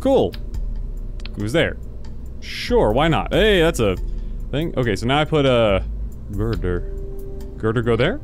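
Casting: a bouncy, easily excited gamer guy thinking out loud as he fumbles through a game, with faint game music underneath. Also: medium pitch, takes it slowly, long pauses. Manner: excitable, confused, talks to himself while playing. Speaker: gaming video host. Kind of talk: casual let's-play commentary.

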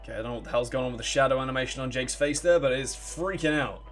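A man giving profane, excitable and sarcastic commentary while playing a video game. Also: mid-range voice, very fast, faint music behind. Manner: profane, excitable and sarcastic, with mocking put-on voices. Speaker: let's play gamer. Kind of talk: casual gameplay commentary.

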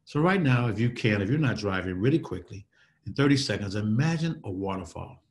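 A man giving a motivational talk in an interview, speaking in a dynamic, preacher-like way that swings between loud and soft. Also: fairly low pitch, animated, fairly quick. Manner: dynamic, preacher-like delivery with sweeping shifts in loudness.

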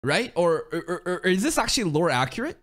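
Profane, excitable reaction streamer man. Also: sits high, a little fast. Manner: profane, excitable, laughing asides. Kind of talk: live reaction commentary.

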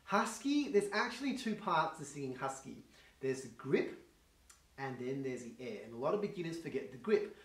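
A man teaching a singing lesson in a quick, chatty coaching manner, demonstrating with vocal sounds. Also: a little high, big pitch swings. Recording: roomy echo, faint guitar behind.

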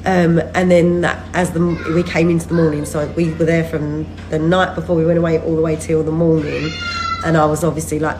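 Tired woman in her thirties, low voice, rambling phone-video update to followers. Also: flat delivery, fairly quick, noisy background. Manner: rambling, chatty, laughs often mid-sentence. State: worn out from recent illness. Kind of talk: casual chat to camera.

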